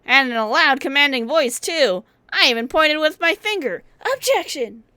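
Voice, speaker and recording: A woman voicing a loud, eager, bumbling middle-aged male detective from a game. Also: high voice, lively intonation, moderate pace, a little hiss or hum, voice pushed up.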